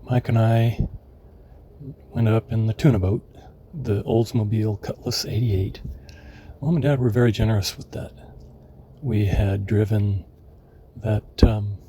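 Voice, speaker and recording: A man in his seventies from California, telling rambling memories of his youth, halting often as he searches for names. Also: on the low side, steady tone, warm tone, a little hiss or hum. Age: 70s. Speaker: memoirist. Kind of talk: reminiscing memoir narration.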